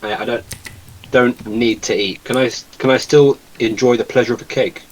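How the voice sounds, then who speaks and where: A man's voice: mid-range voice, steady tone, normal speed, rough recording. Man, tabletop player, hesitant, stammering, playful. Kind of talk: casual tabletop game chat.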